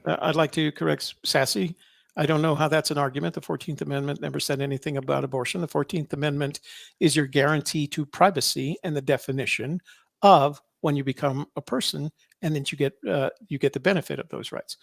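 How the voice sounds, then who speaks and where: A man's voice: a little high, steady tone, a little fast, creaky, no echo, clean studio sound. A man co-hosting a podcast, talking casually and rambling, often correcting himself. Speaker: podcast co-host. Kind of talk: casual political chat.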